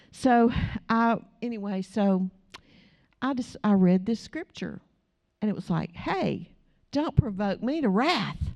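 A woman's voice: mid-range voice, warm tone. A middle-aged woman who teaches a church class through personal stories. She talks in a chatty way, laughs often and asks the group questions. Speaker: Bible study teacher.

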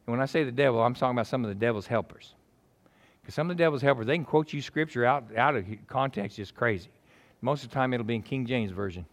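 A man's voice: medium pitch, fast. A man preaching a casual, joking sermon and telling stories in a conversational way.

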